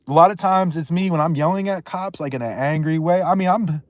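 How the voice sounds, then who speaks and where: A man talking casually on a livestream, blunt and profane, rambling and quick to raise his voice. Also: on the high side, no echo, clean studio sound. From Northeast United States.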